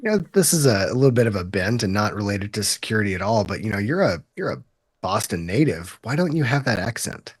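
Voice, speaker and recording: A man from Texas with a mild Southern accent, co-hosting a podcast and running through the news in a relaxed, hedging way. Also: fairly low pitch, fast talker, husky, no room sound, clean studio sound. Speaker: co-host. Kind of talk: casual podcast chat and news rundown.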